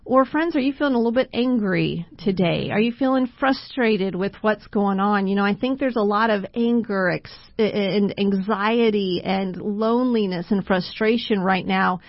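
A woman's voice: mid-range voice, normal speed, hardly any pauses, no room sound, dull audio. Woman hosting a Christian radio show. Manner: friendly, addresses listeners as friends. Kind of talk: faith-based radio talk. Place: radio studio.

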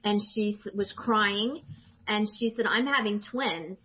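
A woman in her forties, a guest telling her personal faith testimony with animated emotion. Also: mid-range voice, a little slow, a little hiss or hum. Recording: dull lo-fi sound.

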